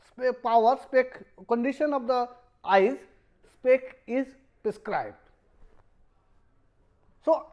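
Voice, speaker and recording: This is a middle-aged male professor of Bengali-speaking background, lecturing at a university in English with a Bengali accent. His voice is very high-pitched, and he often restarts and repeats phrases.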